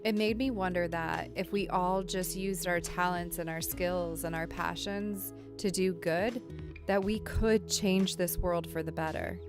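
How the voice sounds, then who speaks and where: A woman's voice: lowish voice, steady tone, unhurried. Upbeat woman narrating over music. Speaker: teacher and documentary narrator. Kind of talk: scripted narration.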